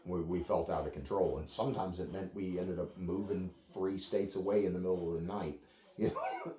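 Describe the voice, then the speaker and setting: Deep, mellow-voiced man explaining calmly. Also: normal speed, reverberant. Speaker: dog trainer. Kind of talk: explaining to clients.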